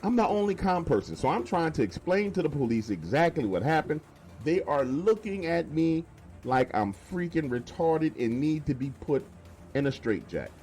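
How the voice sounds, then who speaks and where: A man narrating a first-person scary story in a colloquial, emphatic, animated way. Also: on the high side, normal speed, faint music behind.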